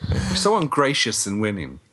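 A man's voice: fairly low pitch, huge pitch swings, normal speed, sharp tone, slight background noise. An Irish man co-hosting a podcast in casual chat, teasing and wry. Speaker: podcast co-host.

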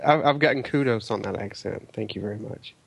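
A man's voice: fairly low pitch, fairly quick, gravelly, slightly rough. A man co-hosting a podcast in casual chat, easygoing. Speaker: podcast co-host.

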